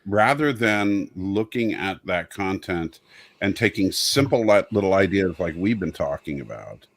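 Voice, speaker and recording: A man's voice: deep voice, animated, a little slow. A man in casual discussion, talking eagerly and thinking aloud with lots of fillers.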